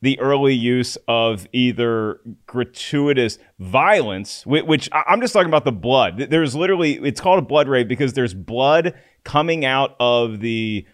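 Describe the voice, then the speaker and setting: A man's voice: medium pitch, expressive, normal speed, few pauses. A man hosting a movie podcast, making his points in an analytical, emphatic way. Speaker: podcast host. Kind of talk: movie review discussion.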